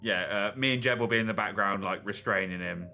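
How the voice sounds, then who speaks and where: A man playing in a tabletop game, jokey and quick to laugh. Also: lowish voice, creaky, sharp tone, soft background music. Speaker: player. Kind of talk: casual tabletop play.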